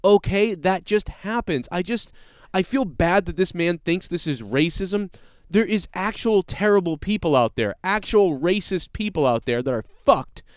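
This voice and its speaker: A man's voice: sits high, lively intonation, measured pace, smooth, no echo, clean studio sound. A man hosting a podcast, ranting in a casual, blunt and profane way with rambling restarts. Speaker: podcast host. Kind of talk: casual commentary rant.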